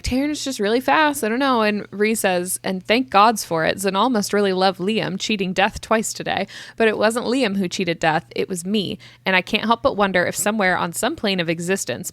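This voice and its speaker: A woman's voice: mid-range voice, moderate pace, hardly any pauses, a bit bright, dry recording. A woman co-hosting a book club podcast, chatting and reading passages aloud. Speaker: podcast co-host. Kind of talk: casual book club chat.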